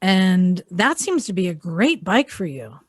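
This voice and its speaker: A woman hosting a podcast, chatting casually in a brisk, joking way. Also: lowish voice, very animated, slightly rough, dry recording, studio quality. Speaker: podcast host. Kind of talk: casual chat.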